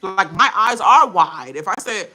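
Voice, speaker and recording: Woman reaction host, bright voice, lively pitch, casual ranting delivery. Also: a little slow. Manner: animated, laughing, mimics others in quoted voices.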